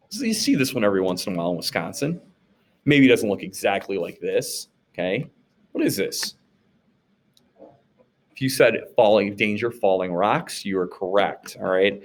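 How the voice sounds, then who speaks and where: A man from the United States teaching a class in a casual, conversational way, often asking rhetorical questions and checking in with "okay?". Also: fairly low pitch. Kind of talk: recorded classroom lecture recap.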